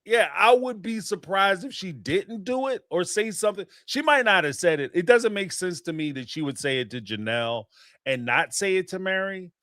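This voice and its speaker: A man hosts a casual call-in show and states his opinions bluntly and with emphasis. His voice sits a bit high for a man. The sound is dry and close. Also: animated, moderate pace, pushed and bright, no room sound. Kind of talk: casual chat.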